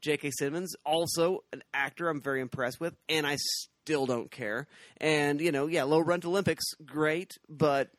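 A man co-hosting a podcast, giving a weary, deadpan movie review in casual chat. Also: a little high, moderate pace, no room sound. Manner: weary, deadpan, repeats himself. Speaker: podcast co-host.

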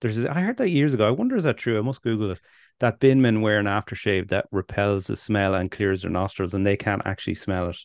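A man's voice: lowish voice, fast, no room sound. Irish man in dry casual chat. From Ireland. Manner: animated, swearing, laughing. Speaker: podcast co-host.

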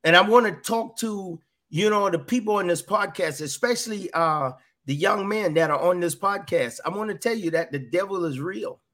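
This middle-aged man speaks in a high-pitched, fairly bright voice at a moderate pace, with few pauses. He's an earnest podcast guest giving personal testimony, returning to the same phrases and voicing quoted dialogue.

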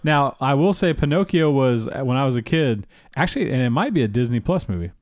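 A man's voice: medium pitch, lively intonation, brisk, a little mellow, no echo, studio quality. A man co-hosting a casual podcast, blunt and opinionated, often laughing at his own jabs. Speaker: podcast co-host. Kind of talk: casual chat.

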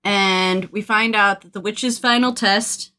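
A woman in casual podcast chat, recapping a story in a relaxed way with fillers. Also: mid-range voice, slow pace. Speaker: podcast co-host.

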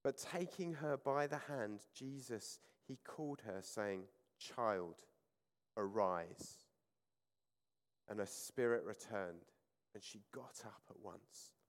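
A man preaching a sermon, reading scripture aloud with rising emphasis and then explaining it in calm, conversational reflection. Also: on the low side, slow pace. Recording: church hall with long reverb.

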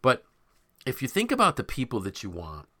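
A man hosting a podcast, talking in an emphatic, animated way and voicing imagined people's quotes. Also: mid-range voice, a little fast. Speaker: podcast host and author. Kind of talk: conversational podcast discussion.

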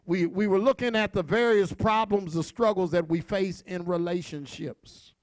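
A man preaching a sermon to his congregation, with call-and-response, shouted peaks and quiet asides. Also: sits high, normal speed, no echo. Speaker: pastor.

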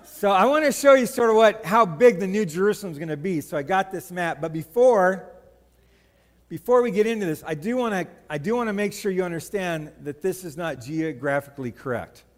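This man's voice sits high and runs a little fast, trailing a long reverb through the church sanctuary. Preaching as pastor, he jokes around and tells lively stories to the congregation in a conversational way.

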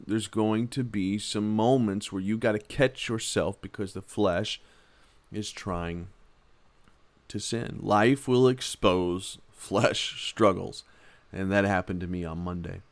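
Low-voiced man hosting a devotional podcast. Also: no room sound. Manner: conversational, self-mocking storytelling; earnest, gently exhorting. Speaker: podcast Bible teacher. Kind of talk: casual devotional podcast talk.

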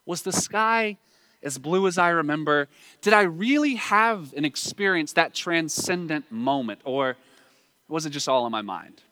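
A man's voice: fairly high pitch, expressive, a little slow, sharp tone. A man with a Southern US accent preaching a sermon in a conversational way, asking the listeners rhetorical questions.

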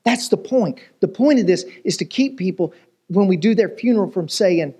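A male pastor delivers a lively, story-driven sermon, joking and posing rhetorical questions to the crowd. His voice sits a bit higher than most men's, with a breathy edge and a moderate pace.

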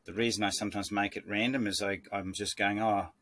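A man teaching horse training, explaining in a calm, measured way with frequent restarts. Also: fairly low pitch, no room sound. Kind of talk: instructional talk.

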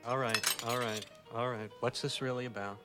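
An actor playing a possessive, hot-tempered husband in a TV drama, pleading one moment and exploding the next. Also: male voice, mid-range voice, fairly even intonation, moderate pace, natural voice. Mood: placating. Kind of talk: TV drama acting. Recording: dialogue under loud score music.

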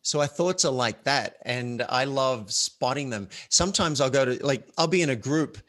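Hosting a relaxed conversation, a male author and show host reflects earnestly and breaks ideas down through simple analogies. He speaks at a moderate pace in a mid-range, somewhat bright voice.

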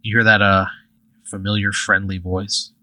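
A man runs a tabletop game, narrating scenes in a loose, vivid style. His voice sits low but sounds very bright. The recording is dry and close. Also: flat delivery, normal speed, dry recording. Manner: casual, vivid storytelling. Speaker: game master.

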